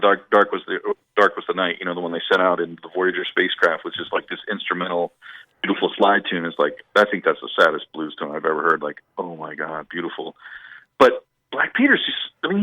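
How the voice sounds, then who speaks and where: A man's voice: deep voice, animated, fairly quick, dry recording, phone-quality sound. A man, a musician guest, telling stories in a rambling stream-of-consciousness way during a radio interview.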